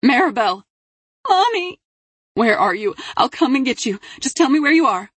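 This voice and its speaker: Brief: panicked mother, raised pitch, pleading; female narrator voicing her. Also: very animated, normal speed, slightly rough, no echo, exaggerated voice. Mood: frantic. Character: frightened mother on the phone.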